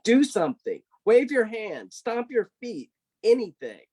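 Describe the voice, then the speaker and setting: A man voicing a hotheaded male rabbit trickster who shouts in loud, exasperated bursts. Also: big pitch swings, measured pace, husky, full character voice. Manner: loud, exasperated, high-pitched outbursts.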